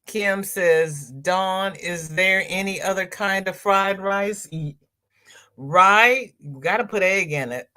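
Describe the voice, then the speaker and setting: A woman's voice: mid-range voice, slow pace, sharp tone. A woman hosting a crochet livestream, chatting casually as she reads viewer comments aloud and answers them.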